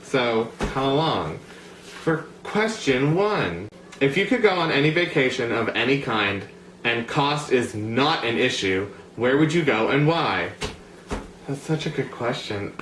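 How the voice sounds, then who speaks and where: A man's voice: medium pitch, animated, measured pace, a bit bright, a little hiss or hum. A young man from the United States vlogging to camera in a chatty, rambling way, full of fillers and asides. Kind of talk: casual talk to camera. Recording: echoey room, faint background ambience.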